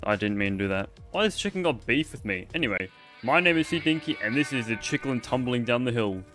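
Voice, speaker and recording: A man's voice: medium pitch, lively intonation, a little fast, fairly bright tone, soft background music. A young man giving playful, jokey commentary over a video game, chatting to the creatures on screen as he plays. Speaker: gaming video host. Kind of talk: casual gameplay commentary.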